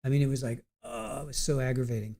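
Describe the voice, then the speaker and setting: A man's voice: medium pitch, steady tone, fast, dark tone. A man hosting a live stream, chatting casually with viewers in the chat while he waits for a court hearing to resume. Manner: chatty, talks to viewers in chat, trails off and restarts. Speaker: livestream host. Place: home setup at a computer.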